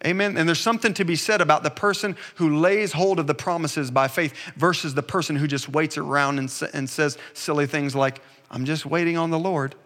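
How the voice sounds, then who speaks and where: Pastor, man, bright and forceful voice, slightly high, preaching in a reverberant sanctuary. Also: fairly even intonation, brisk, few pauses. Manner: emphatic preaching with repeated refrains, dropping to conversational storytelling. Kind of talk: sermon.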